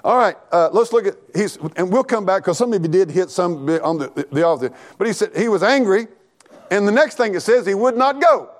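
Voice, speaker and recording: A man preaching an animated, folksy sermon in church, talking back and forth with the congregation and laughing along. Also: sits high, a little fast. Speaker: pastor.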